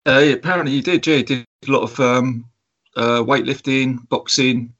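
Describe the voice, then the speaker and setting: Hesitant man, mid-pitched. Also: steady tone, normal speed, fairly bright tone, muffled recording. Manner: rambling, hesitant, many ums and laughs. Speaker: film review podcast co-host. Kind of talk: casual chat.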